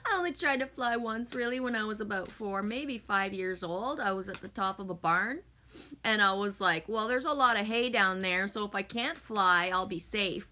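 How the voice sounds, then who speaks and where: A woman's voice: medium pitch, normal speed, pushed and bright. A woman chatting casually with viewers on her live stream, swearing often and sometimes calling herself "me".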